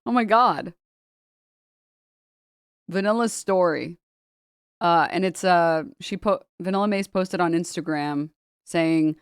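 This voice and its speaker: A woman's voice: lowish voice, measured pace, long pauses, smooth, no room sound. Woman streamer laughing and cursing through posts she reads out, dry close sound. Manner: laughing, swearing, reads posts aloud in mocking voices. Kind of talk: casual stream commentary.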